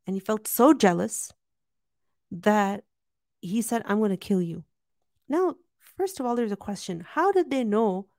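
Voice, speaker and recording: A woman gives a religious lesson, asking herself questions and answering them as she goes. She recites Arabic verses quickly, and her voice sits close and dry, with no room sound. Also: mid-range voice, darkish tone, no echo. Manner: explains step by step, asks and answers own questions. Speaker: Islamic teacher.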